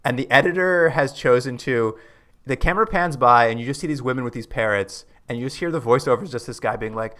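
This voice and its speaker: A man co-hosting a casual podcast, his tone bright and clear. He walks through the film scene by scene and laughs often along the way. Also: medium pitch, fast. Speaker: podcast co-host. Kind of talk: casual chat.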